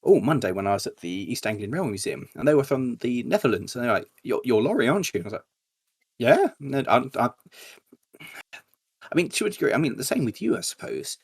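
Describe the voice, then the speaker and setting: A man, a YouTuber guest, chatting casually in an interview, telling anecdotes animatedly with sudden high-pitched impressions of other people. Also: big pitch swings, fast talker, vocal fry, slightly rough.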